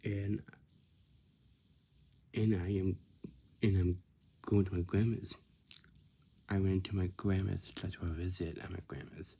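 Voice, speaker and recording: Man, low gravelly voice, slow, repetitive rambling story, occasional whispers. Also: little pitch movement. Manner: repetitive, restarts phrases, drops into soft whispers.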